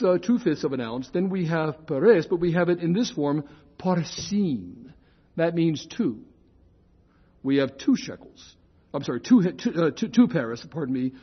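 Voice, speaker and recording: An older man lecturing on scripture in a chatty, digressive classroom way, often correcting himself and slowing to spell out key terms. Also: on the high side, husky, muffled recording.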